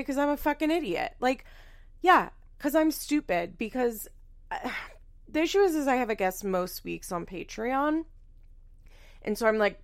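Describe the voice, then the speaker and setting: A woman's voice: medium pitch, vocal fry. A young woman hosting a podcast alone, chatting in a rambling, casual way, swearing freely and poking fun at herself. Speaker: podcast host. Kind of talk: casual solo podcast chat.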